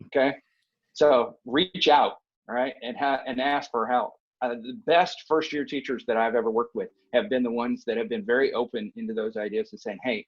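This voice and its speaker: A man's voice: mid-range voice, breathy edge, highs cut off. A man speaking as a guest on a podcast, giving earnest, emphatic advice and often checking in with "okay?" and "right?". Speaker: guest, university director of bands. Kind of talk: conversational advice.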